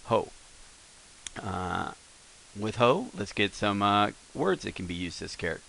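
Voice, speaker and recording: Rambling, low-voiced male teacher. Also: sing-song, a little slow, gravelly, pushed and bright, slight background noise, rough recording. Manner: rambling, self-correcting explanations with many fillers. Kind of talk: casual recorded lesson.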